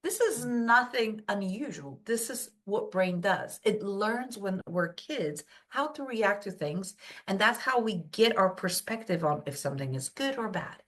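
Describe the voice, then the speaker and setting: A woman from Poland, a brain health coach, telling stories as a podcast guest and acting out quoted voices. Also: unhurried. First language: Polish. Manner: animated storytelling, acts out quotes in high voices. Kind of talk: casual podcast interview.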